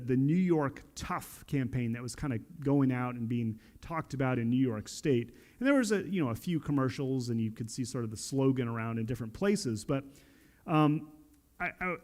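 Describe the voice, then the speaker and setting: A man preaching a sermon in a church, talking with lively emphasis and often restarting his phrases. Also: a little high. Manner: animated preaching with frequent restarts. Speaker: pastor. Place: church sanctuary.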